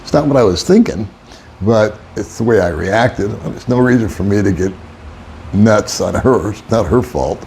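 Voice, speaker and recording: A man's voice: fairly low pitch, animated, moderate pace, darkish tone, slight background noise. An older man, an expat vlogger, telling a rambling, wry story in casual monologue and chuckling often. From United States.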